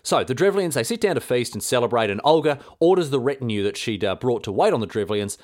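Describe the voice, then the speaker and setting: A man's voice: mid-range voice, very animated, quick pace, a little mellow. A man hosting a podcast, telling a history story in an irreverent, rambling, slang-filled way. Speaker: podcast host.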